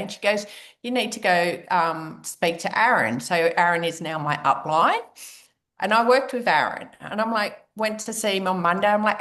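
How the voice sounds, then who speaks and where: A woman's voice: mid-range voice, expressive, moderate pace, fairly bright tone. A woman, a guest speaker telling her personal story in a chatty way, acting out her own past reactions.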